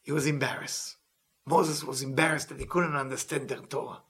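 A man teaching a Talmud story with impassioned, earnest storytelling, reading Hebrew text quickly and then retelling it in plain English. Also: mid-range voice, fairly even intonation, a bit bright. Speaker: Torah teacher.

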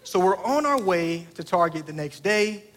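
A man's voice: high-pitched, lively intonation, moderate pace, a bit bright, a faint crowd. A man in his thirties, a pastor preaching a sermon through a family story, talking conversationally and putting direct questions to the congregation.

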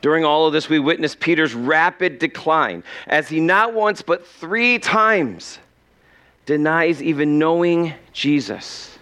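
Slow-speaking man preaching a sermon. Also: on the high side, lively intonation, sharp tone, clear, resonant tone. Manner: slow, earnest storytelling with dramatic pauses. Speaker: pastor.

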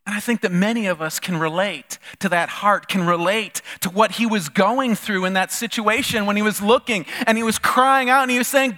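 A man's voice: high-pitched, normal speed, few pauses, in a large hall. A man preaching a sermon as pastor, telling stories and acting out the voices of the people he quotes. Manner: animated storytelling, acts out quoted voices. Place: church hall.

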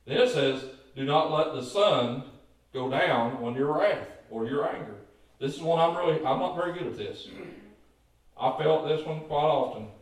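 A man preaching in a folksy, joking way, stumbling over repeated words and asking the room for amens. His voice sits fairly high. He is heard from a distance across a church full of echo. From Kentucky. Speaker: pastor. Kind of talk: lively preaching sermon. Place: church sanctuary. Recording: very echoey church, voice far from mic.

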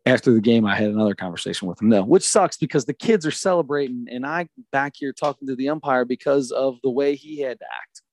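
A man recounting a story with animated emphasis, his voice sitting at an ordinary middle pitch. The sound is dry and close, with no room around it. It is a casual podcast chat. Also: fast, dry recording. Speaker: youth baseball coach.

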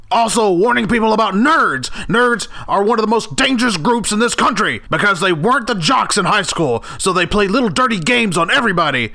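Man playing a paranoid conspiracy guy, frantic rants, high voice, bright tone. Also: vocal fry, heavily acted. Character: raving male conspiracy guest, paranoid and shouting.

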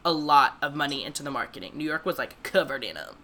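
A woman trading jokes in an easy, animated chat. Her voice is bright and forward, and her tone is sarcastic and quick to laugh. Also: low voice, a little hiss or hum. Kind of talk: casual comedic chat.

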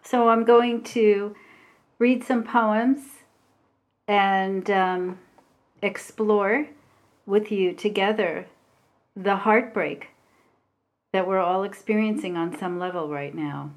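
A woman meditation teacher giving a Dharma talk, speaking slowly and hesitantly with pauses and fillers, reading a passage aloud. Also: mid-range voice, steady tone.

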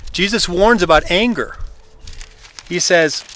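A preacher talks through a sermon in a relaxed, conversational way, his pitch sitting a touch high. He speeds up and slows down freely, and he slips into the voices of the story's characters as he tells it. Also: slight background noise.

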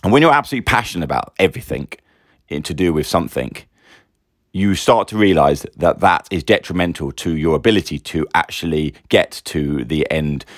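Middle-aged man, very deep voice, rambling and animated, close dry mic. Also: a little fast, no room sound. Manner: rambling, animated, frequent restarts. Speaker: business owner vlogger. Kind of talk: casual personal monologue.

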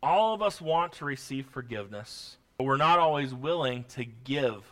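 A man's voice: medium pitch, lively intonation, moderate pace, a bit bright. A man preaching a sermon, quoting scripture and pressing his points with rising emphasis, with a folksy, self-deprecating aside. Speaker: pastor.

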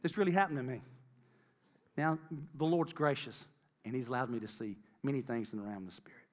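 A man's voice: mid-range voice, fairly quick, big-room sound. A middle-aged man giving an earnest testimony sermon to a congregation, repeating phrases for emphasis and calling out to the crowd. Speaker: lay preacher.

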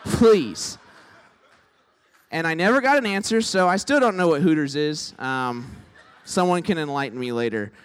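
Man, sermon, casual, fairly high-pitched, self-deprecating, keeps asking "right?". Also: animated, fairly quick, a bit bright, smooth. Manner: conversational, tags lines with "right?". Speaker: preacher. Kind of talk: sermon with humorous stories.

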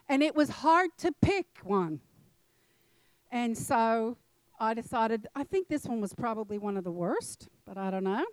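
Lively woman telling a sermon story. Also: a little high, dry recording, rough recording. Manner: animated, laughing storyteller speaking to a congregation. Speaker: church speaker.

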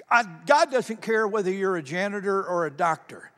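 A man's voice: high voice, animated, moderate pace, a bit bright. A male pastor preaching a sermon in a conversational storytelling way, often repeating his words. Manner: conversational, repeats words, laughs at own stories. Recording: long reverb of a large hall.

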